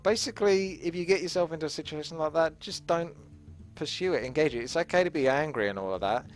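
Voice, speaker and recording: A man's voice: fairly high pitch, quick pace, faint music behind. A man vlogging about fitness, telling a story in a rambling, candid way and swearing freely. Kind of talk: casual storytelling vlog.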